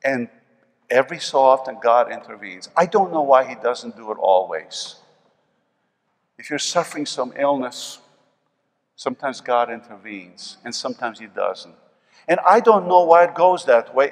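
An older man with a New York accent preaching a sermon as pastor, swinging between loud emphasis and soft asides. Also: mid-range voice, animated, normal speed. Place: church sanctuary. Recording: long reverb of a church hall.

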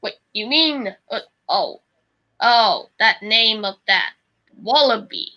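A woman's voice: fairly high pitch, lively intonation, slow, bright, forceful tone, muffled recording. A woman in casual chat, giggly and playful.

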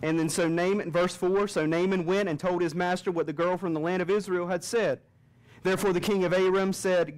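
A man's voice: high-pitched, fairly even intonation, normal speed, poor audio. A man preaching a revival sermon in a church, reading scripture and acting out the quotes with frequent restarts. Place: church sanctuary.

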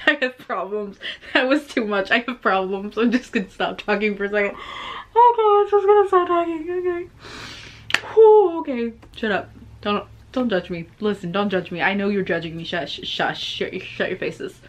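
A young woman hosting a casual reaction video, excitable and flustered, laughing and swearing as she talks. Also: medium pitch, moderate pace, a little hiss or hum.

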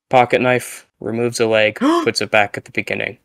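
A man's voice: lowish voice, sing-song, moderate pace, gravelly, hardly any pauses, clear, resonant tone, no room sound. Casual male co-host, storytelling energy, dry close mic. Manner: playful storyteller, shouting the quoted lines. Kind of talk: casual gaming chat, telling a joke.

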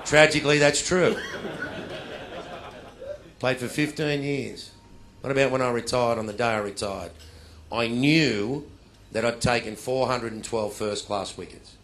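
A middle-aged Australian man telling comic stories to a live audience, acting out other people's lines in loud bursts. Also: medium pitch, unhurried, slight background noise. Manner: animated, acts out dialogue in loud bursts. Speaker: after-dinner speaker.

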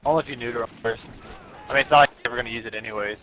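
A young man rattles quickly through sarcastic taunts in online game voice chat, feigning pity for the player he mocks. His pitch sits mid-range for a man. Faint gunfire rumbles in the background of the headset feed. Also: steady tone, bright, forceful tone, slight background noise, low-quality recording. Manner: sarcastic, taunting, mock-sympathetic. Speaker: gamer recording gameplay.

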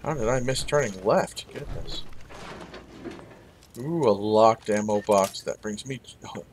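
A man's voice: lowish voice, slow pace, a little hiss or hum. A man hosting a let's-play, chatting with wry asides and answering the game characters. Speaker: gaming video host. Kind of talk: casual let's-play commentary.

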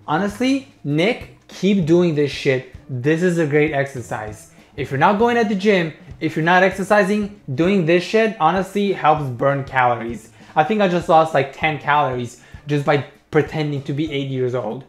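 A man's voice: fairly high pitch, animated, moderate pace, few pauses, reverberant. Mocking, sweary young man. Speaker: commentary YouTuber. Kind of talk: reaction commentary.

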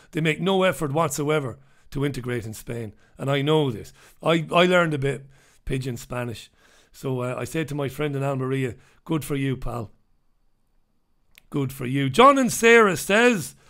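A middle-aged man hosting a live radio show, his voice sitting a bit high for a man. He chats bluntly through listener comments, jumping between loud outbursts and low mutters. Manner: chatty, blunt and animated, swings between loud asides and muttered remarks. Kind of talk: casual live radio chat.

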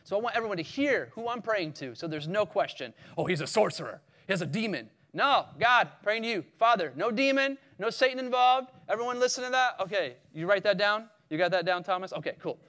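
A man with a Caribbean accent preaching a casual, animated sermon, acting out the scripture scenes with sudden loud cries. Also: sits high, a little fast, few pauses.

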